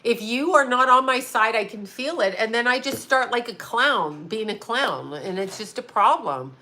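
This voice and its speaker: On her own channel, a psychic and astrologer in her fifties keeps the livestream chat casual, blunt, and profane, with plenty of laughter. She speaks a little high at a moderate pace, animated, with a pushed, bright quality.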